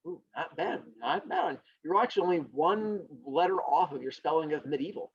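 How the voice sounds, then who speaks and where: Rambling, jokey male teacher telling a fable over a video call, lively pitch, muffled lo-fi audio. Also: moderate pace, husky. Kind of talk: storytelling lesson.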